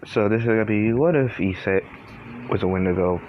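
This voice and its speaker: A young man with a very low voice chats to his viewers from a garage, fighting off hiccups. He sighs heavily, swears and rambles in frustration. The recording is dull and lo-fi with a faint hum of ambience behind him. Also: brisk. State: has the hiccups. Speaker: channel host. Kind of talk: casual vlog chat.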